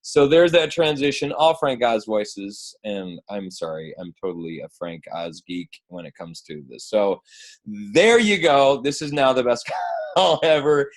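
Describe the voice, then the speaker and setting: A man's voice: mid-range voice, a little slow. Jokey man hosting a coaching call. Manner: playful, geeky, jokey, with many fillers. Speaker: host of a team coaching call. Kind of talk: casual chat.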